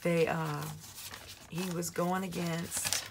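A woman in her forties with a hoarse voice, telling a long story in a casual vlog, rambling with plenty of fillers. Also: lowish voice, level tone, slow, background noise. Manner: chatty, rambling with many fillers. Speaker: planner vlogger.

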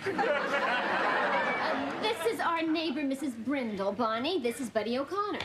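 A fretful suburban mom. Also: female voice, high voice, animated, a little slow, a loud crowd. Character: kindly, worried suburban mother. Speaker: sitcom character. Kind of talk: 1980s sitcom acting. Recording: noisy old TV recording.

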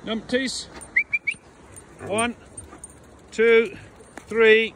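A man's voice: a little high, lively intonation, a little slow, long pauses. A man, a dog trainer, chatting and teasing his dogs while out walking in a frosty field. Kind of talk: casual talk to dogs on a walk. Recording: outdoor recording with clear background noise.

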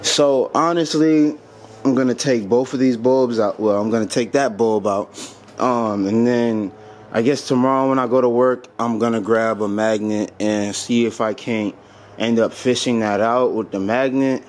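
A man's voice: mid-range voice, fairly even intonation, normal speed, a little mellow. Man hosting a car-mod vlog, casual and exasperated, faint noise behind. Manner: frustrated, exasperated, laughing it off. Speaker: car modification vlogger.

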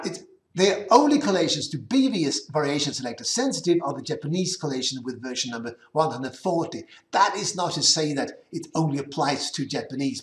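A man giving a conference presentation with live demos, explaining step by step and often restarting his words. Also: roomy sound. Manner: explanatory, lively pitch, self-correcting restarts. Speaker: conference speaker.

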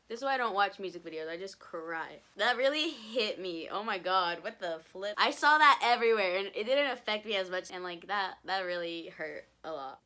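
A woman's voice: medium pitch, animated, normal speed, pushed and bright. A young woman chatting casually in a reaction vlog, gushing and breaking into laughs and gasps. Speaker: vlogger. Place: at home, sitting down. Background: music video playing faintly.

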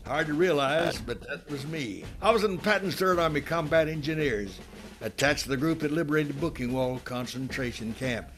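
A man's voice: fairly high pitch, animated, normal speed, fairly bright tone, a little hiss or hum. A man in his nineties telling stories with emphatic, theatrical flair in a recorded patriotic speech and recitation. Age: 90s. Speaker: guest speaker. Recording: music playing behind the voice. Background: music.

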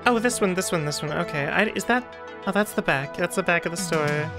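A woman's voice: fairly low pitch, animated, brisk, music in the background. A woman giving let's play commentary on a horror game, chatty and jumpy with frequent laughter. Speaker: gaming streamer.

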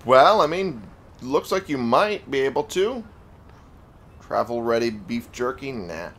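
A man casually commenting while playing a video game, chatty and jokey. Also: unhurried. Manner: chatty, jokey, animated pitch jumps. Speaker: gaming video host. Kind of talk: casual let's-play commentary.

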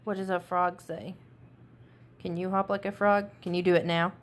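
A woman teacher reading a picture book aloud to young children, animated and asking them many questions. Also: fairly low pitch, normal speed.

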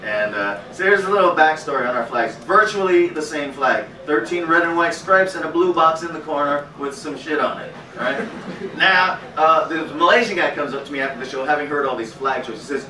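A man's voice: on the high side, fairly quick. A man doing a stand-up comedy set in a small cafe, riffing crudely and bantering with the audience. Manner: brash, riffing, crude jokes, chats with the audience. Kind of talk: stand-up set with crowd work. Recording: echoey room, far from the mic, loud noise. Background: audience laughter.

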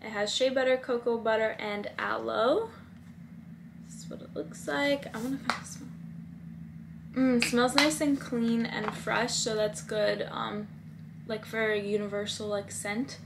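A woman's voice: a little high, fairly even intonation, a little slow, creaky, background noise. A woman in her twenties, talking casually and gushing about her birthday gifts, with many "likes" and "ums". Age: 20s. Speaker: vlogger. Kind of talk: casual haul vlog.

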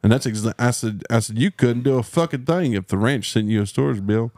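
On his podcast, a Texan-accented host tells a story as a heated, profane rant, mocking the people he dealt with. His medium-pitched, slightly mellow voice moves fairly quickly, and the studio-quality recording is dry.

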